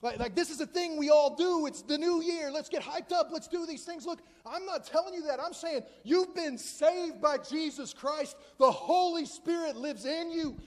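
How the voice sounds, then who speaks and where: A man's voice: extremely high pitch, moderate pace, hardly any pauses. A man in his forties preaching a conversational, joking sermon in a church. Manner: conversational, joking, self-deprecating. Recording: long hall reverb.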